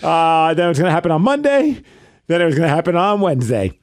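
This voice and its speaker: Animated man telling a story. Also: fairly high pitch, fast, no echo. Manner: animated storytelling, acts out quotes. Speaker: podcast co-host. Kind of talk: casual chat.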